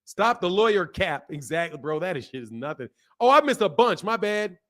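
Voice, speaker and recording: A man hosting a live boxing talk stream, reading out donations, animated and laughing with loud outbursts. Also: high voice, moderate pace. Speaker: boxing channel host.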